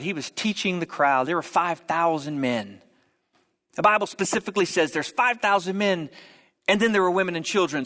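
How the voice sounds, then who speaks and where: A man preaching a sermon, telling a story with humorous asides and quick jokes. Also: sits high, pushed and bright, big-room sound. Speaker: pastor.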